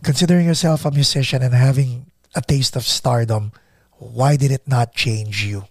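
A man's voice: medium pitch, fairly even intonation, normal speed, no echo, clean studio sound. A man hosting a podcast, asking eager, fan-like questions in a casual interview. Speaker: podcast host.

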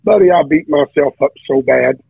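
A man, a guest preacher, relates his testimony informally, his storytelling broken by frequent restarts and stammered repeats. He has a mid-range, slightly rough voice with vocal fry, speaking at a moderate pace on a dry, tinny phone recording.

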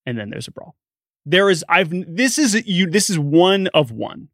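A man co-hosting a sports podcast, telling a story in an animated, chatty way. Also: sits high, a little slow, dry recording. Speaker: podcast co-host. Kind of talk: casual sports podcast chat.

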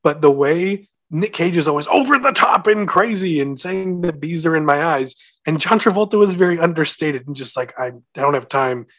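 Man, fairly high voice, lively, laughing, podcast chat. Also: normal speed, few pauses. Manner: animated, laughing, quoting lines. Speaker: podcast co-host. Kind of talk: casual movie discussion.

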